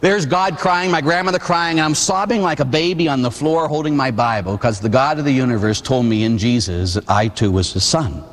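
A man from Pittsburgh giving a Catholic testimony sermon, telling a personal story with comic, animated energy. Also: medium pitch, a little fast, hardly any pauses. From Pittsburgh, USA. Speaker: Catholic preacher. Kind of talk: testimony sermon to a live audience. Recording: long hall reverb.

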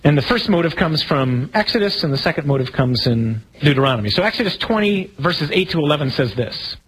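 A man preaching as a priest in a relaxed, conversational sermon, asking the audience questions and poking fun at himself. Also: a little high, brisk, a little hiss or hum, rough recording. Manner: conversational, asks the audience questions, self-deprecating humor. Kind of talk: sermon talk to a congregation.

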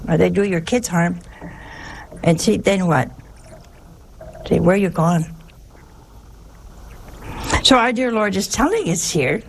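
A woman's voice: lowish voice, expressive, slow, gravelly, pauses often, a little hiss or hum. A woman who is a nun, giving a chatty sermon-style talk, telling stories and asking her listeners rhetorical questions.

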